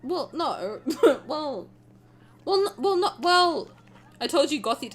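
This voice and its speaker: A woman's voice: sits high, big pitch swings, a little slow, a bit bright. A young woman streaming a game, chatting playfully with her chat, teasing and swearing freely. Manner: answers chat messages aloud. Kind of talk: casual livestream chat.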